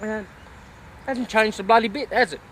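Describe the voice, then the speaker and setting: Australian male vlogger, slightly high voice, folksy and rambling, recorded outdoors with faint traffic hiss. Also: fairly even intonation, normal speed, a bit bright. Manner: folksy and rambling, with bush slang. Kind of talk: casual walking vlog. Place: outdoors in the bush by a road.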